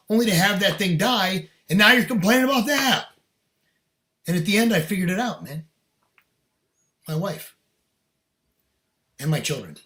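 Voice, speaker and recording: A man's voice: high voice, sharp tone. A middle-aged man, a podcast guest, telling a personal story in casual, earnest, emphatic talk with slang.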